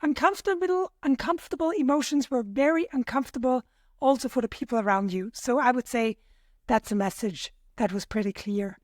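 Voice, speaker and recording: An Austrian podcast guest, a native German speaker, talks briskly in a voice on the high side about her personal experiences. Though brisk, she is thoughtful and hesitant, with frequent fillers, in a reflective conversation. The audio is studio quality with no room sound.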